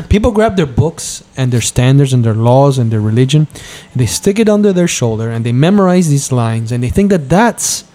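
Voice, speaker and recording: Heated middle-aged man, dark voice. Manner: heated, animated storytelling, mimics others in a higher voice. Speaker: podcast host. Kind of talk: casual chat.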